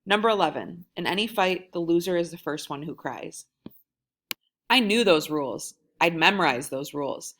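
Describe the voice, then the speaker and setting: A woman reading a novel aloud in a wry first-person storytelling manner, lively when voicing the quoted lines. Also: fairly low pitch, normal speed. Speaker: audiobook reader.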